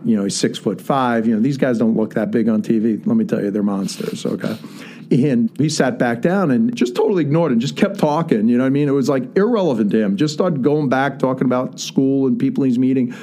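A man's voice: medium pitch, dark tone. A man telling a personal story in a casual, earnest way with many fillers. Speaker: guest storyteller.

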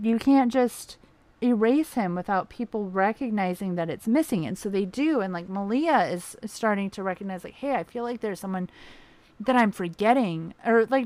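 A young woman chats loosely and gushes like a devoted fan, filling her talk with "like" and casual swearing. Her voice sits at an ordinary middle pitch. The sound is dry and close, with no room around it. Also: a little mellow, no room sound. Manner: rambling, lots of "like", swears freely; gushing fan enthusiasm. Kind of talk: casual chat.

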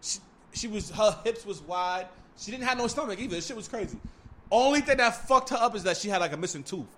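A man telling a rowdy story in casual chat, animated and slangy, breaking into loud laughter at times. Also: sits high, brisk.

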